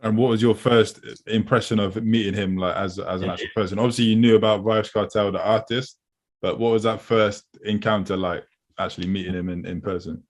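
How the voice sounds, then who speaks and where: A male interviewer asking a measured follow-up question. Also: lowish voice, steady tone.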